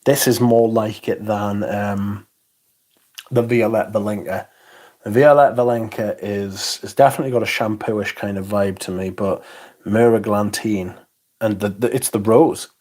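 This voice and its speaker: A man's voice: on the low side, steady tone, a little slow, darkish tone. A man around forty, hosting a casual livestream, chatting and reading out viewer comments in a rambling, swearing way. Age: 40s. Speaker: fragrance livestream host.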